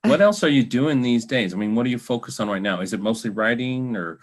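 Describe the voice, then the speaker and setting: A man hosting an interview show, talking in an easygoing, relaxed way that often trails off. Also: medium pitch, a little fast. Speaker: show host. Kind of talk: casual interview chat.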